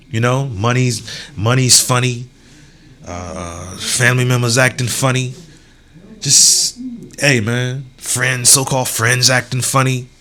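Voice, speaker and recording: A young adult man hosts his own podcast in a loose, unscripted solo monologue. His voice sits in an ordinary middle range. He swears freely and keeps checking in with the listener, moving from heated venting to warm encouragement. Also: medium pitch. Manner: loose and conversational, repeats "you know what I'm saying". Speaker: podcast host.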